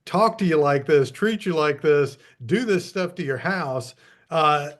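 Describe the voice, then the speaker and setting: A man's voice: fairly high pitch, animated, measured pace, a bit bright. A man co-hosting a casual movie podcast, chatting conversationally about the plot. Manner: conversational, agreeing with short replies. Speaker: podcast co-host.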